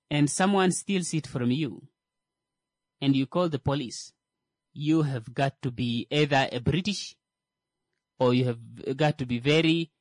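A man's voice: fairly high pitch, no room sound. A man giving comedic, sarcastic commentary on tech, rambling with many fillers and restarts. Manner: sarcastic, mocking asides.

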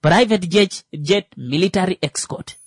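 A man doing stand-up comedy, animated, full of fillers and restarts, swinging between loud rising jokes and muttered asides. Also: high-pitched, moderate pace, soft background music.

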